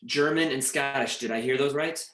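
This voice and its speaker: A man's voice: medium pitch, a bit bright, reverberant, rough recording. Man hosting an improv match. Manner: brisk, announcing. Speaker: improv match referee host.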